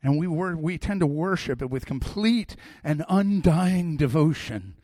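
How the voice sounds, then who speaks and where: Animated man preaching, dry close sound. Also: fairly high pitch, measured pace, no room sound. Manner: animated storyteller, swings from loud to soft. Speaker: pastor. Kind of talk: sermon with personal stories.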